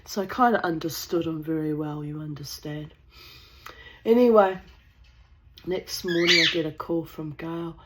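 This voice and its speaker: Kiwi woman rambling through a story, blunt, swears, coughs now and then, lowish voice. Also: measured pace, long pauses, slight background noise, low-quality recording. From New Zealand. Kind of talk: casual anecdote.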